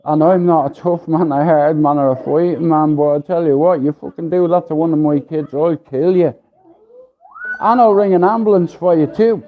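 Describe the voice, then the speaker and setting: Blunt, profane, and rambling, an Irish livestream host rants over dull lo-fi stream audio. He speaks at a moderate pace in a voice that's a little high.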